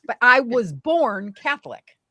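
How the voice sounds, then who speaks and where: A young adult woman telling a painful personal story in conversation, emotional and animated, with many fillers. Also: fairly high pitch, measured pace, no room sound, clean studio sound. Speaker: guest.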